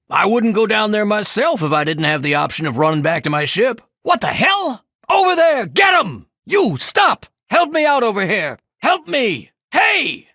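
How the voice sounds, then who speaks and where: A gravelly game ferryman with a wry salesman's patter, his pitch swooping widely from low mutters to high yells. The voice is close and dry, with no room around it. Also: dry recording. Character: gruff male ferryman, wry salesman and fighter. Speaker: ferry captain in a video game. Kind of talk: video game voice lines. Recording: dry close studio recording.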